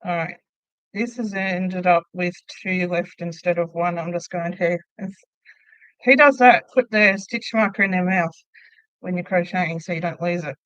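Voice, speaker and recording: Middle-aged woman, relaxed crochet-stream host, chatty and laughing often; muffled, dry home-mic sound. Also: fairly low pitch, moderate pace, dry recording. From Australia. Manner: chatty, laughs often, answers viewer comments aloud. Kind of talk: casual live chat while crocheting.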